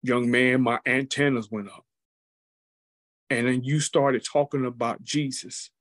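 A man's voice: medium pitch, fairly even intonation, a little slow, a bit bright, dry recording, studio quality. A man voicing a bitter old ex-prisoner. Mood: pleading. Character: elderly male ex-prisoner, bitter and broken.

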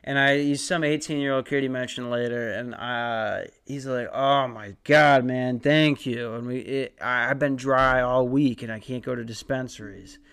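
A young man in his twenties spins a long, rambling comic story on his podcast, swearing freely and mocking himself. His voice is smooth and resonant, pitched in a middle range for a man. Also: steady tone, moderate pace, few pauses, a bit bright. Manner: rambling, profane, self-mocking. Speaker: podcast host.

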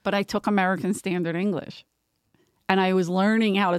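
A woman's voice: mid-range voice, brisk, clean tone, no echo, studio quality. Philly-accented woman telling stories. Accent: Philadelphia. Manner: laughing, animated storytelling. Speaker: podcast host. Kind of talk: casual chat.

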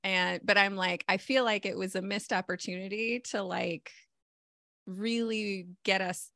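Female podcast co-host, mid pitch, gravelly, dry recording, casual chat. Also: steady tone, a little slow, sharp tone, no echo. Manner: chatty, peppers speech with "like". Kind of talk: casual TV discussion.

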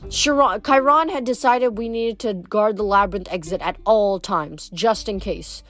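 A woman's voice: mid-range voice, normal speed, fairly bright tone, no echo. A woman reading a novel aloud in first person, now and then stumbling and restarting a word. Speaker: reader.

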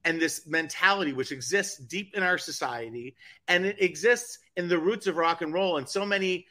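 A man's voice: fairly high pitch, moderate pace, sharp tone. A man co-hosting a casual talk show, rambling through indignant commentary with frequent restarts. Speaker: co-host. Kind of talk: casual chat.

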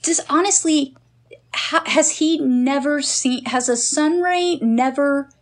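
A woman chatting casually as a podcast co-host, telling animated joking stories and laughing often. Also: sits high, slow pace. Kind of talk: casual chat.

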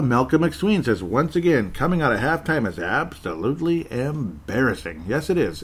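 A man hosting a sports podcast in casual chat, rambling, chuckling often and correcting himself as he reads listener comments. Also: lowish voice.

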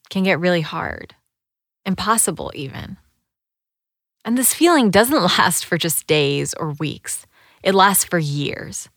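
A woman narrates a documentary story in a calm, measured way, her voice sitting a little low. The sound is dry and close, as if recorded in a studio booth. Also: no echo.

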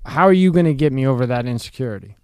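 A man's voice: mid-range voice, expressive, racing, a little mellow, clean tone, dry recording, studio quality. A man on a podcast who jokes around, swears and asks blunt questions in casual chat. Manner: joking, questioning, profane.

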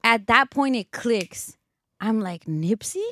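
A woman's voice: on the high side, a little fast, no room sound. A young woman with a Los Angeles accent, co-hosting a podcast and telling a story in casual chat, quoting people as she goes. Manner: animated storyteller, quotes others, many fillers. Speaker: podcast co-host.

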